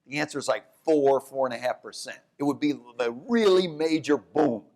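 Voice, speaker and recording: A man, an economics professor, talking economics onstage at a live event, animated, often restarting his sentences. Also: moderate pace. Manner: animated storyteller, jumps to high voices for quotes; restarts and self-corrections. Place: downtown event hall with live audience.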